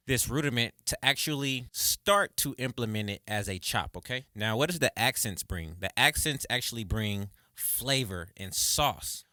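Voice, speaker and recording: Drum teacher counting beats out loud. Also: male voice, fairly low pitch, no room sound, clean studio sound. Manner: counts beats aloud and calls stickings loudly; chatty, expressive, says okay and right often. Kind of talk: casual video lesson.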